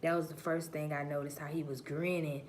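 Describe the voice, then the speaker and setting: Woman host, lowish voice, profane and preachy livestream monologue that drops to murmurs and then rises to loud bursts, faint hiss behind. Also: level tone, a little fast. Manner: profane, preachy storytelling addressing viewers as y'all; swings between low murmurs and loud emphatic bursts.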